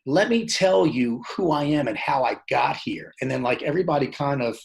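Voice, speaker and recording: A man's voice: mid-range voice, normal speed, gravelly, rough recording. A man telling his own story as a podcast guest, loose and plainspoken, acting out the lines of the people in it. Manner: animated, acts out quoted dialogue; plainspoken, loose phrasing with restarts. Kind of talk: casual storytelling interview.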